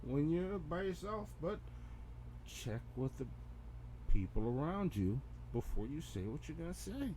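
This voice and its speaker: Animated man co-hosting a comedy podcast. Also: fairly high pitch, a little slow, a crowd in the background. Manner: animated, emphatic, repeats himself for effect. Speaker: podcast co-host. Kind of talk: casual comedic chat.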